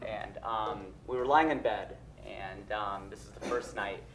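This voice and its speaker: A man telling a funny personal story live, self-mocking and lively, with lots of ums and uhs. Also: lowish voice, measured pace. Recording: echoey stage room with loud noise.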